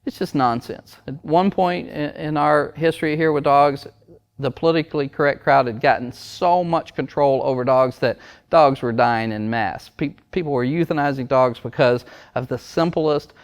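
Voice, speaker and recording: A man's voice: a little high, normal speed, clean tone. A man, a dog trainer, ranting to camera in a blunt, emphatic, preachy way. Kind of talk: opinion rant to camera.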